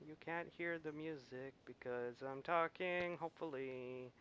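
Slow-talking young man commenting on a game. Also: on the high side, fairly bright tone, clean tone. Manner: rambling, self-deprecating. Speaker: gamer.

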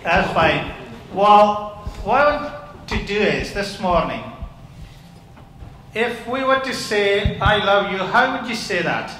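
Guy minister, slow bright voice, doing a kids talk with the congregation, big echoey church. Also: high voice, lively intonation, slight background noise. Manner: interactive, questioning the congregation. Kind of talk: children's talk in church service. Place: large church hall.

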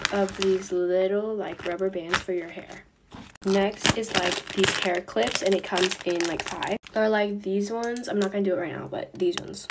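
Offhand young woman with crinkling noise. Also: medium pitch. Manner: quick, filler-heavy, offhand. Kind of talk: casual unboxing chat. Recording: loud package crinkling behind.

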